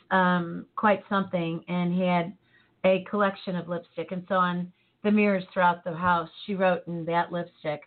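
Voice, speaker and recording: Animated woman on a tinny line. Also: on the low side. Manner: animated, laughs often, trails off mid-thought. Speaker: co-host. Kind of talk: casual motivational chat.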